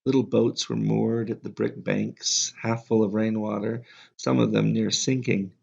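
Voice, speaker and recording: A man reading a novel aloud in a calm, measured way as an audiobook narrator. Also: on the low side, vocal fry, husky. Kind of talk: scripted narration. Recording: slightly dull lo-fi audio.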